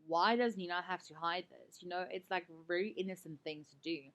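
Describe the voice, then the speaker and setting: South African woman, teacher, relaxed lesson delivery, lower register, chatty filler-heavy explaining. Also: brisk. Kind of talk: casual lesson explaining a set drama.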